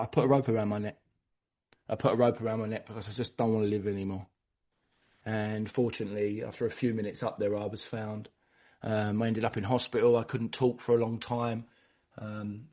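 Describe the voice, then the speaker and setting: A man's voice: medium pitch, darkish tone, lo-fi sound. A man telling his own addiction and recovery story at a twelve-step meeting, candid and self-mocking, with frequent restarts. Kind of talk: personal recovery share. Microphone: online meeting call.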